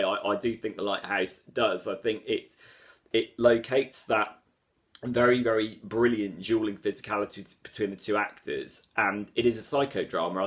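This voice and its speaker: Male film reviewer with a lowish voice. Articulate, emphatic, repeats words for stress. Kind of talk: solo video review.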